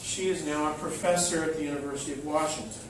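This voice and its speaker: An older man giving an unhurried, anecdotal talk to an audience, with many fillers, recorded from afar in a large echoey hall. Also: fairly high pitch, fairly even intonation, distant mic, noisy background. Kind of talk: public talk. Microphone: microphone, then unamplified.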